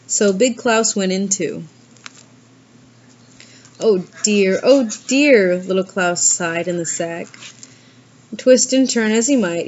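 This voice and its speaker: A woman reading a fairy tale aloud, shifting her pitch and pace to act out the characters. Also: dull audio, a little hiss or hum. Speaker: reader.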